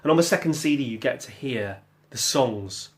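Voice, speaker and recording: A man's voice: mid-range voice, animated, normal speed. A man talking casually about making music at home, rambling and chatty, with jokey asides and bits of scat-singing. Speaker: musician vlogger. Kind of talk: casual spoken vlog. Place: home kitchen.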